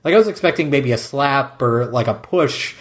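Male podcast co-host, mid pitch, casual and gushing, heavy on "like.". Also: lively intonation, normal speed. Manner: emphatic, effusive, many "like"s. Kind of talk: casual film discussion.

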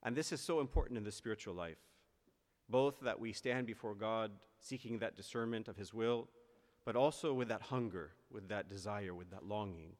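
A male priest preaches a sermon in a low voice, building earnestly to emphatic peaks. He deliberately slows on the key phrases, and his words linger in the church's long reverb.

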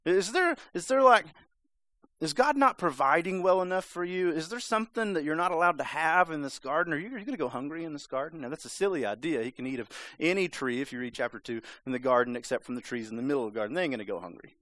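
A man's voice: a little high, rapid-fire, few pauses, a bit bright, no room sound. A man preaching a sermon in a conversational, emphatic way, sometimes acting out voices. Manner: conversational, emphatic, acts out the serpent's lines.

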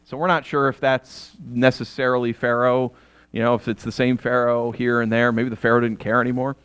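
A man's voice: medium pitch, flat delivery, fairly quick, a bit bright, smooth, no room sound. A middle-aged man preaching a sermon in a chatty, conversational way, with asides to his congregation and bursts of laughter. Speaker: pastor.

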